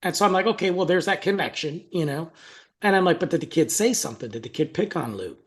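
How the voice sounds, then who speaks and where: A man's voice: fairly high pitch, expressive, quick pace. A young adult man, a podcast co-host, telling a story in casual chat, acting out quotes and laughing often.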